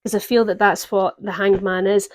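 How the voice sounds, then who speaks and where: A woman giving a gentle, reflective tarot reading, pausing often to think. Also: medium pitch, level tone. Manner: gentle, reflective, with pauses and fillers. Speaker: tarot reader.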